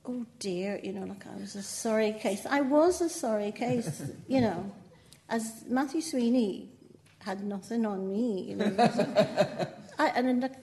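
An older Northern Irish woman with a mellow, warm voice. She speaks as a poet guest in a relaxed interview. She chats freely, laughs often and pokes fun at herself. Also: a little high, a little slow, slight background noise. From Northern Ireland. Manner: chatty, laughing often, with self-mocking asides. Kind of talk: conversational interview.

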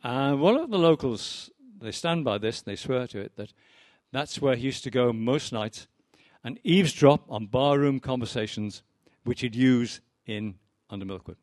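A man's voice: medium pitch, lively intonation, normal speed, a little mellow, no room sound, clean studio sound. A poet giving a reading of his poems with anecdotes, chatty and wry, full of ums and uhs.

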